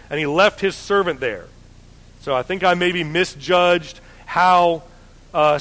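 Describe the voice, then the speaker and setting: A man's voice: high-pitched, a bit bright, low-quality recording. A man teaching the Bible, reading passages and retelling them in conversational everyday language. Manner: conversational, paraphrases scripture in everyday slang. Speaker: preacher.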